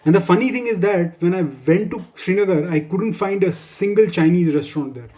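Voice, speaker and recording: Man, stand-up comic, mellow tone, slightly high voice, dry asides. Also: a little fast. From India. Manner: wry, dry humor with asides. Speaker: stand-up comedian. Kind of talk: stand-up comedy set for office colleagues.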